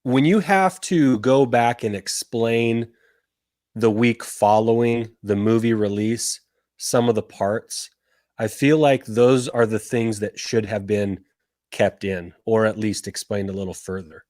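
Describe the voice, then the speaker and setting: A man's voice: lowish voice, a little slow, darkish tone, no room sound, studio quality. A man co-hosting a casual podcast over a remote call, speaking hesitantly with fillers. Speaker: podcast co-host.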